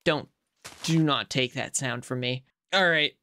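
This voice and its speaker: A woman's voice: rumbling low, a little slow. A woman hosting a gaming channel, giving casual, playful commentary as she plays and talks to herself and her viewers. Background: faint background music.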